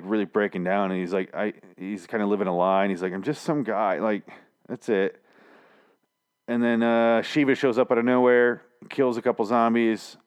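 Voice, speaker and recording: A man with a fairly low voice talks through a show recap in a loose, rambling way. He swears freely and restarts his sentences often. The tone is casual and offhand. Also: smooth. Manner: profane, rambling, frequent restarts. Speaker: TV episode recap host.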